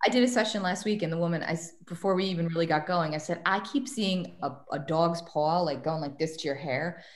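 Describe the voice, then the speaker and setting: A woman with a somewhat low voice chats as a podcast guest. She tells stories with energy and acts out what people said. The sound is roomy and echoey. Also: brisk. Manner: animated storytelling, acts out quotes. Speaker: guest medium and tarot reader. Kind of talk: casual podcast chat. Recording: echoey room.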